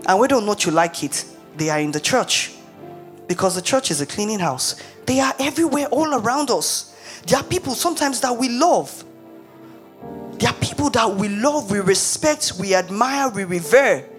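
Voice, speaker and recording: A woman preacher with a fairly high voice delivers a sermon, retelling the scripture with animated, emphatic energy. Soft music plays faintly behind her. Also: normal speed.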